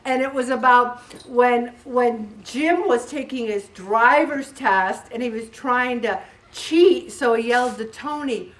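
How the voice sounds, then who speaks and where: A middle-aged woman giving a casual motivational talk to a faith group, animated and laughing often as she tells stories. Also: a little high, slow, recorded from a distance.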